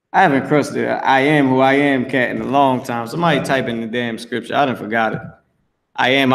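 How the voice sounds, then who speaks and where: A man's voice: mid-range voice, vocal fry. A man reading scripture aloud and commenting on it in a brash, profane, mocking way, teaching an online class. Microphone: streamed voice chat.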